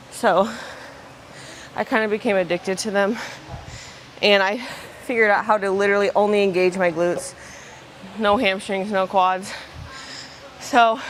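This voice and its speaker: There's a little hiss or hum behind this young woman's slightly high voice. A fitness vlogger, she chats loosely through her gym workout, her casual talk stuffed with fillers like "like" and "bro."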